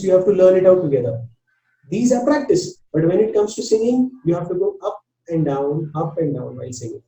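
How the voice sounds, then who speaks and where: A man with an Indian English accent teaches a spoken English class online, talking in an earnest coaching manner and often repeating himself. His voice sits high, with a very dark, mellow tone. He sounds some way from the mic in an echoey room. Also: recorded from a distance.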